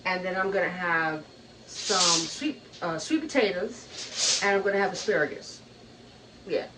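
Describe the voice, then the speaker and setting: A woman's voice: on the low side, a little slow, very noisy. Chatty middle-aged woman showing off decor. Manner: chatty, gushing over decor, repeats herself. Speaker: home vlogger. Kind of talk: casual chat to camera. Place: at home, indoors. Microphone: handheld camera.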